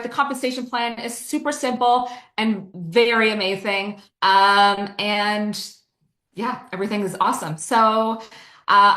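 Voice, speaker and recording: A woman from Canada pitching a business with bubbly enthusiasm and plenty of fillers. Her voice is bright and forward, and it rings in a roomy, echoing space. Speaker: business presenter. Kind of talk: sales presentation. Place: online presentation.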